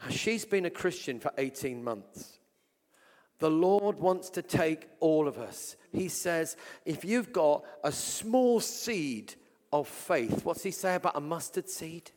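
An English man preaching a sermon and telling healing stories, swinging between loud exclamations and hushed asides. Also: fairly high pitch, big pitch swings, takes it slowly. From England. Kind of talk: sermon with storytelling. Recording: long reverb from a large hall.

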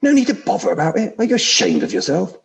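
A man's voice: sits high, big pitch swings, fast, creaky, voice pushed up, exaggerated voice. A man reading aloud and voicing a big, aggrieved male ghost who insists on his rights. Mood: indignant. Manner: indignant, complaining.

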